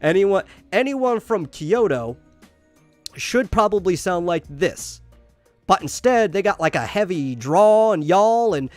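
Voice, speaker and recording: A man's voice: high voice, expressive, measured pace, no echo, soft background music. A man co-hosting a casual podcast chat who rambles and restarts his sentences, repeating words as he goes. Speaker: podcast co-host.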